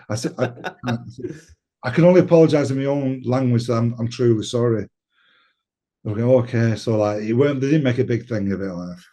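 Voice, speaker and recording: A man's voice: mid-range voice, dark tone. A British man telling a story in a casual interview, swearing often and laughing as he talks. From United Kingdom. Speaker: interview guest.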